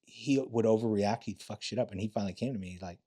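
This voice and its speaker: A man's voice: on the low side, fast, dark tone. A man in his late fifties, a retired police officer, telling blunt, profane stories in a casual interview and acting out the quotes.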